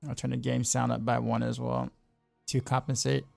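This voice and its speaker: Gravelly, rambling male game streamer. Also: medium pitch, completely flat delivery, normal speed, darkish tone, dry recording, soft background music. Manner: rambling, repeats words, laughs easily. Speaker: game streamer and music teacher. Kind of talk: casual gameplay commentary.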